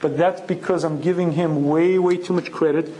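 Male Torah lecturer, slightly high voice, emphatic, keeps clearing his throat; faint hiss. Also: fairly even intonation, normal speed, warm tone, low-quality recording. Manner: emphatic, repeats phrases for effect. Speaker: Torah teacher. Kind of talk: Torah lecture with personal story.

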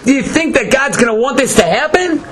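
A man puts on a complaining accuser spirit with a high, swooping voice that sneers at every deed. He is scornful and protesting. Steady noise sits under the voice. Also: brisk. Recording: noisy lecture recording.

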